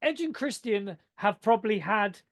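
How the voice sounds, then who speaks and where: A man talking in a casual podcast chat. He speaks in an animated way, swears freely, and uses a lot of fillers. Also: high voice, moderate pace, dry recording, clean studio sound. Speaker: podcast co-host.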